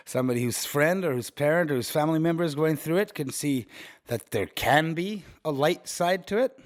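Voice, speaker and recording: A young man co-hosting a casual chat show, telling a story with lively voices for the people in it. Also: a little high, brisk. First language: Swiss. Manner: animated storyteller, acts out quoted voices. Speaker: podcast co-host.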